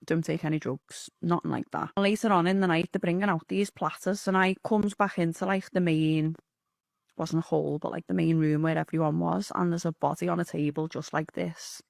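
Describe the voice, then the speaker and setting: A woman with a Liverpool accent telling a story casually, animated and full of swearing. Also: fairly low pitch, a little fast, gravelly, dry recording, studio quality. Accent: Liverpool (Scouse). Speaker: interview guest telling a story.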